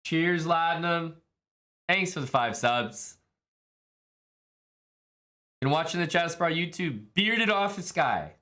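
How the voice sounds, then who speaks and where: Bright-voiced laid-back male streamer. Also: on the high side, animated, slow pace, pauses often. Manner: laid-back, jokey, calls viewers bud and bro. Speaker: live streamer. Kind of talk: casual stream chat, reading viewer messages.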